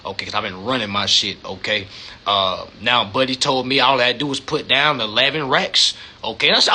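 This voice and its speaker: A man talking casually and profanely on a livestream, animated and acting out phone calls. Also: medium pitch, fairly quick. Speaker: social media live host.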